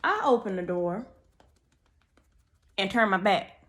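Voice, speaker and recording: A young woman telling a storytime tale to her viewers in a sassy, animated way, chatting through asides while she does her makeup. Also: mid-range voice, slow pace. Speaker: storytime vlogger. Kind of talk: casual storytime chat.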